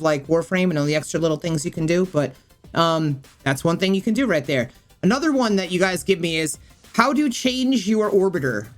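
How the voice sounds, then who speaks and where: A woman with a fairly low voice explains game menus step by step. She rambles casually and thinks aloud with plenty of fillers. Soft music plays faintly underneath. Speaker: gaming streamer and YouTuber.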